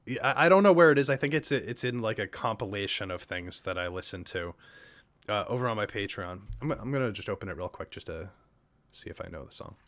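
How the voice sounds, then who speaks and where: A man's voice: fairly low pitch, expressive, fairly quick, fairly bright tone. A man hosting a casual live stream, talking earnestly and effusively to his viewers and often stumbling over and repeating his words. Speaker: streamer and reaction host.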